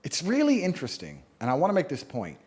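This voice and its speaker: A man's voice: fairly high pitch, wildly swooping pitch, fast talker, darkish tone. A man, a podcast guest, talking bluntly and emphatically in a lecturing way. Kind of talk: opinionated podcast talk.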